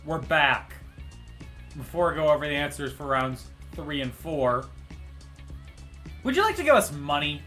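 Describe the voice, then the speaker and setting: A man's voice: fairly high pitch, animated, measured pace, pauses often, a bit bright, soft background music. A man hosting a live trivia show, reading out the answers with wry jokes and asides. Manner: joking, wry asides between quiz answers. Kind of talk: casual live-stream hosting.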